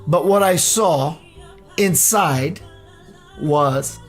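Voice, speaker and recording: A man reads a personal story aloud on his radio show, slow and unhurried. He often breaks into laughter between lines. Faint music plays behind him. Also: a little high.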